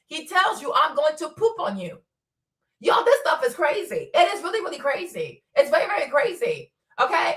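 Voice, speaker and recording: A woman's voice: sits high, a bit bright, roomy sound, recorded from a distance. A woman hosting a casual commentary stream, blunt and profane, laughing often as she rants. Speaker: commentary host.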